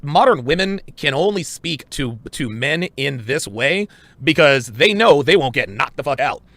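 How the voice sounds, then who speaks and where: A man with a gravelly, creaky voice that swings widely in pitch talks brashly on a podcast. The sound is dry and close, and he trips over fillers as he goes. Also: expressive, fairly bright tone, no echo. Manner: brash, halting, filler-heavy. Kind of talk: casual podcast talk.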